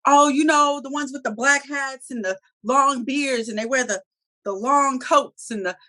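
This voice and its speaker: A woman co-hosting a review show in casual chat, talking in an animated, profane way and acting out characters' lines. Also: sits high, measured pace. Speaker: TV review podcast co-host.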